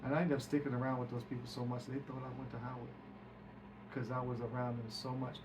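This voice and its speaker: Speaking fast in a mid-range voice with little pitch movement, a male guest tells an animated story, acting out quoted lines and swearing freely. The mic is distant and there's background hiss.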